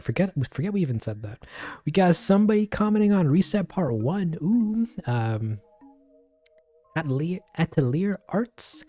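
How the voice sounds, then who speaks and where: A man's voice: a little high, very animated, normal speed, dark tone, faint music behind. A man chatting casually on a livestream to his viewers, rambling, giggling and poking fun at himself as he answers comments. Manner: rambling, giggly, self-deprecating.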